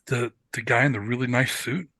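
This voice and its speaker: Bright, hesitant man at a game table. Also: medium pitch, fairly even intonation, brisk, no echo. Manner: hesitant, repeats words, goofy. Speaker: player.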